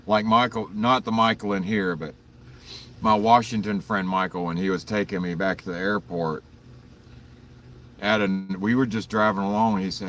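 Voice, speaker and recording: A very deep-voiced man chats through an early-morning livestream, rambling through stories with plenty of swearing and chuckles. He sits some distance from the mic, with faint vehicle noise in the background. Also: fairly even intonation, normal speed, fairly bright tone. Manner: rambling, profane storytelling with frequent chuckles; greets viewers in chat by name. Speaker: livestream host.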